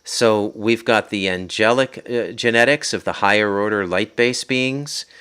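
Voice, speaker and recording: A man's voice: fairly low pitch, measured pace, fairly bright tone, clean tone. A man with an Ottawa Valley Canadian accent hosting a podcast, rambling off on tangents, restarting sentences and speculating aloud. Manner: rambling, self-interrupting, prone to tangents. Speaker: podcast host. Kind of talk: rambling casual livestream talk. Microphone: podcast mic.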